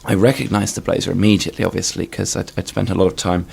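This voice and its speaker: A young man giving a deadpan, stammering comic interview, repeating words as he goes. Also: low voice, quick pace, vocal fry, slightly rough. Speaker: comedian guest. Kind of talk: improvised comedy interview.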